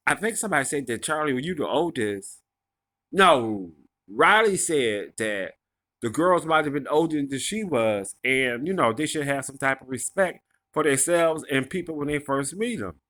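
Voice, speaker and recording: A man's voice: on the high side, sharp tone. A man casually recapping a reality show episode, rambling and gossipy, full of fillers and restarts.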